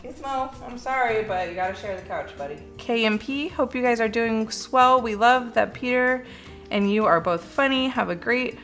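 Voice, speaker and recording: Excitable woman vlogger gushing over mail, bright tone, laughs a lot. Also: fairly high pitch, moderate pace, soft background music. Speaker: co-host. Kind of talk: casual unboxing chat.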